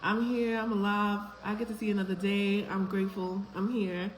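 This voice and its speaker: A woman's voice: medium pitch, little pitch movement, normal speed. A woman hosting a live stream, chatting casually, greeting viewers one by one by name in an affectionate, upbeat way. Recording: echoey room with faint background noise.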